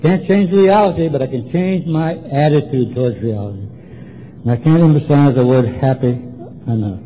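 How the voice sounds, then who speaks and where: A man's voice: on the high side, warm tone, slight background noise, poor audio. A man from Washington, DC giving a folksy, repetitive, emphatic talk to a recovery meeting. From Washington, DC, USA. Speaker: AA speaker. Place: meeting room before a group.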